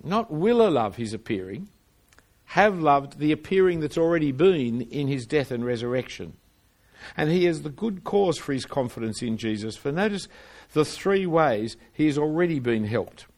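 A man preaching an expository sermon at a middle pitch. He reads scripture aloud and explains it earnestly, often restarting phrases and repeating words as he goes.

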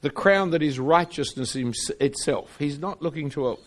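A man with a fairly high voice preaches at a normal speed, earnestly reading scripture aloud and explaining it, often repeating words as he restarts phrases.

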